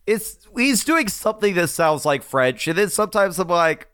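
A man's voice: sits high, expressive, normal speed, a bit bright, clear, resonant tone. A man co-hosting a casual podcast, chatting about a film, laughing often and talking with many fillers. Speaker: podcast co-host.

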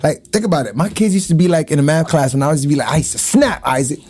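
A middle-aged man in casual chat, animated and laughing often, acting out loud quotes. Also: fairly high pitch, fast talker, breathy edge.

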